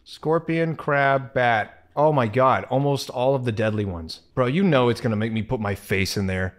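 A man's voice: mid-range voice, normal speed. A young man giving casual let's-play commentary, squeamish and jumpy, groaning and swearing as he plays. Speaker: gaming video creator.

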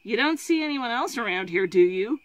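A woman's voice: fairly high pitch, expressive, brisk, voice pushed up, natural voice. A woman reading aloud, voicing a small green talking frog that is blunt and snappish. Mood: brisk.

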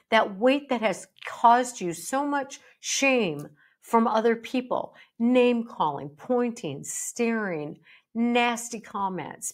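A middle-aged woman hosting a solo podcast, speaking emphatically with a playful, animated delivery. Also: medium pitch. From United States. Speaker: podcast host and bariatric psychologist.

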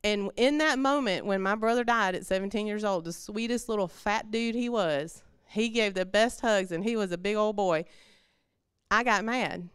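A woman's voice: mid-range voice, clean tone, dry recording, clean studio sound. A woman, telling her personal faith story in a church service in a conversational, heartfelt way. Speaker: church member giving testimony.

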